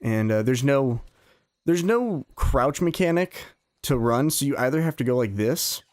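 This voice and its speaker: A man's voice: mid-range voice, lively intonation, measured pace, darkish tone, dry recording. A young man giving casual, rambling let's-play commentary while he plays, telling stories and swearing now and then. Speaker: gameplay commentator.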